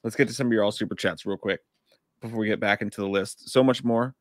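A man's voice: fairly low pitch, fairly even intonation, quick pace, no room sound. Crude-joking male podcast co-host, dry sound. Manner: crude jokes, frequent laughter. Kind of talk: casual chat.

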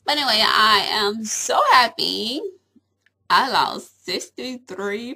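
A woman's voice: on the high side, slow, sharp tone. A young woman chatting casually to camera at home. She is giggly and rambling and fills her talk with little asides. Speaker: vlogger.

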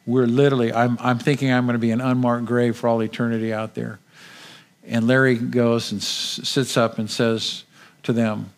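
A man speaking as a guest at a church service tells a dramatic personal story in a lively, vivid way. His voice is medium-pitched, and he often repeats words as he goes.

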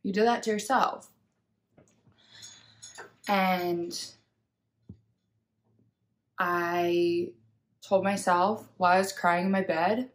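A young woman vlogger tells her own story candidly, speaking very slowly in a lowish, steady voice with frequent pauses. Reflective and open, she acts out what she said to herself and to other people in this personal storytelling vlog.

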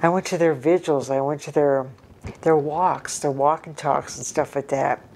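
A woman's voice: sits low, fairly even intonation, moderate pace, gravelly, darkish tone, slight background noise. A woman in casual chat as an interviewee, rambling and repeating herself while she tells corny jokes.

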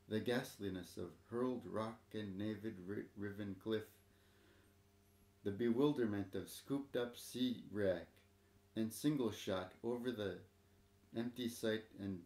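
A man reads a story aloud in a measured, dramatic way. His voice is low and gravelly. The reading carries a roomy echo. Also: dark tone. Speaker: narrator.

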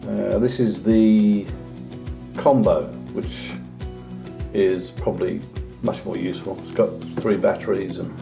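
A man's voice: fairly even intonation, slow pace, creaky, over music. A man talking casually through a home vlog, unboxing a drone and chatting as he goes. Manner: chatty, talks to his dog in a high singsong voice. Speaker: vlogger.

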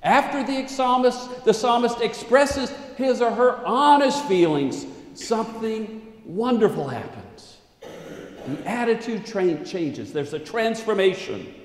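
A male pastor delivers a sermon in a church sanctuary, his voice high and full of rise and fall. He moves slowly and deliberately, swinging between loud declaiming and hushed asides. The room rings with a long, echoing reverb. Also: lively intonation.

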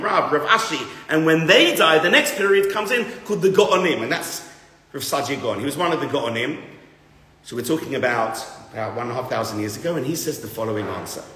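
A rabbi delivers a spirited, lively lecture to a live class in a large room full of listeners. His bright, high-pitched voice swings widely, jumping from loud, emphatic bursts to low, quiet asides. A long reverb rolls around the roomy hall, with slight background noise.

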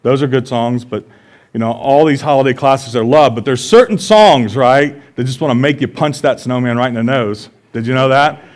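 A male pastor with a Midwestern American accent delivers a casual, joke-filled sermon. His voice sits at an ordinary middle pitch. He keeps turning to the congregation with little asides and questions. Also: normal speed. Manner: conversational, joking, often asks the congregation "right?". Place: church sanctuary.

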